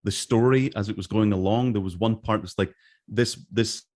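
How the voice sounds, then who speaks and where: A man's voice: lowish voice, moderate pace. A middle-aged man from Scotland, telling stories in a casual interview and acting out what others said. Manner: animated, acts out quoted voices. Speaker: interview guest. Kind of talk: casual storytelling.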